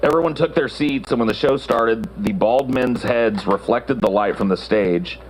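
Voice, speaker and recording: A man's voice: medium pitch, moderate pace, a little hiss or hum, poor audio. A man reading an anecdote aloud in a casual chat, in a dry, matter-of-fact way.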